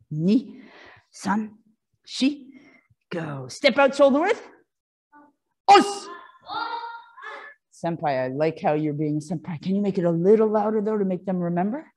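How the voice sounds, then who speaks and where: A woman with a lowish voice leads a children's karate class, calling out commands and counting in Japanese. She's encouraging yet gently firm.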